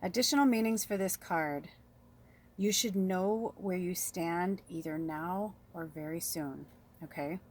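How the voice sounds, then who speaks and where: With a fairly low, unhurried voice and slight background noise, a woman offers a casual spiritual card reading as a tarot and oracle reader. She rambles in a chatty way, reading passages from the cards aloud before riffing on them and speaking directly to viewers she calls "you guys."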